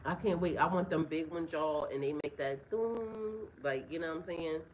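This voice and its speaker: A woman's voice: low voice, moderate pace, darkish tone, dull audio, slight background noise. A woman giving a casual astrology reading outdoors in a yard, talking bluntly and with heavy profanity, often breaking into laughter. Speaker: spiritual reader and life coach. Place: outdoors in a yard with birds nearby.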